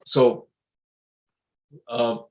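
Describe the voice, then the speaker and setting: A man's voice: very slow, darkish tone, low-quality recording. Rambling man musing aloud. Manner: loose, repetitive, with frequent restarts and filler; reads out quotes and muses on them. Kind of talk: casual rambling monologue.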